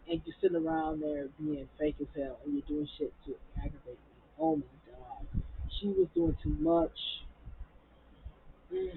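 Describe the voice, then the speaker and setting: Husky-voiced woman ranting over a phone-quality line. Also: low voice. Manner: animated, profane and indignant. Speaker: TV recap vlogger. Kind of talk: casual reality-show recap. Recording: phone-like lo-fi audio.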